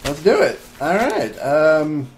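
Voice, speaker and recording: A young man co-hosting a casual podcast, talking quickly and joking, also reading aloud. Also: a little high, wildly swooping pitch, slight background noise. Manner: quick, joking, laughs often. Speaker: podcast co-host.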